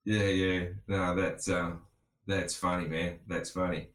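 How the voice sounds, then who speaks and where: An Australian man hosting a casual podcast chat, relaxed, swearing freely and laughing often. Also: deep voice, slow, roomy sound. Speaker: podcast host.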